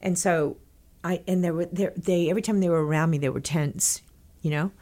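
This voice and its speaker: Older lady from texas, lowish voice, animated storyteller in an interview, laughs a lot. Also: fairly quick. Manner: lively storyteller, acts out quotes, laughs often. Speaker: guest.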